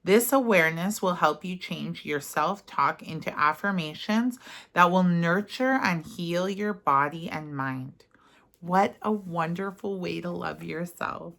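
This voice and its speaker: A woman leading a guided affirmation session, reading gently and then talking casually with fillers. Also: on the low side, vocal fry. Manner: gentle and unhurried, slipping into casual fillers when speaking freely. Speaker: self-help guide. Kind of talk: guided affirmation session, partly read aloud.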